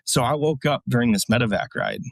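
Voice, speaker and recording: A man's voice: mid-range voice, wildly swooping pitch, quick pace, gravelly, dry recording. A man, a military veteran, casually telling blunt, profane war stories as a podcast guest, with many fillers. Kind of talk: casual storytelling.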